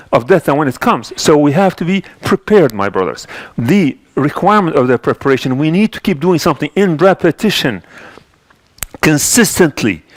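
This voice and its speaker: A man delivering a mosque sermon, his voice sitting a bit higher than most men's. He speaks earnestly, circling back and restarting his phrases as he goes. The sound is dry and close, with no room echo. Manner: earnest, repetitive with frequent restarts and fillers. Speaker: imam giving Friday sermon.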